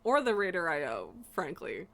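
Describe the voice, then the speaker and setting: A woman's voice: fairly low pitch, huge pitch swings, moderate pace, creaky, a bit bright. A young woman streaming a game, ranting in exasperation and laughing between swears. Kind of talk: casual live-stream rant while gaming.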